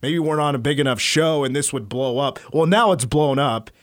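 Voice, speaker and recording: A man's voice: medium pitch, moderate pace, dry recording, studio quality. A man hosting a sports talk show, casually retelling sports stories. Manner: storytelling, animated retelling. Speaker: sports radio host.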